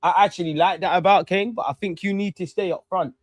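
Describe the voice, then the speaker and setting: A young man talks through a match as it happens, urging players on and cursing the referee. His voice sits a little high. The sound is dry and close, with no room around it. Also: fast, dry recording. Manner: excitable, talks to players and ref, swears. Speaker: football fan streamer. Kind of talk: live match watch-along commentary.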